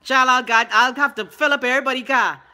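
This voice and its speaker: Bahamian woman co-host, sassy and bossy, bright tone, a little high. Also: steady tone, fast, a little hiss or hum. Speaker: radio co-host. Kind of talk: casual chat.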